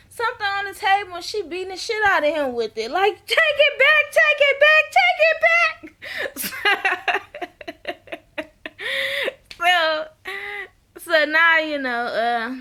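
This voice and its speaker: A woman with a high, bright voice, chatting casually to her viewers as she recaps a TV episode. She tells it as a lively story and speaks right to her audience. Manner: animated storytelling, talks straight to viewers. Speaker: TV episode reviewer.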